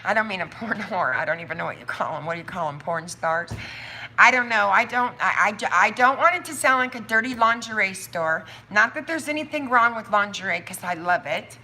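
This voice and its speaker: A woman chatting on her own live stream about her soap business, thinking out loud with quick asides and laughs. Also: mid-range voice, lively intonation. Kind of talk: casual livestream chat.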